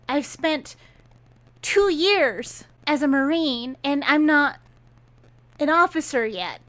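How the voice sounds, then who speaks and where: A woman's voice: sits high, lively intonation, very slow, long pauses, fairly bright tone, heavily acted. A woman voicing a frustrated, self-pitying young woman Marine in a whiny, plaintive tone. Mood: sulky.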